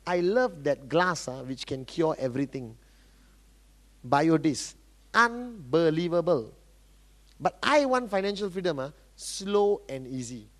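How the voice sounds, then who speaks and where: A man's voice: fairly high pitch, lively intonation, voice pushed down. A man acting out a lazy, complacent recruit who is in no hurry. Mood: lazy, smug. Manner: slow, languid.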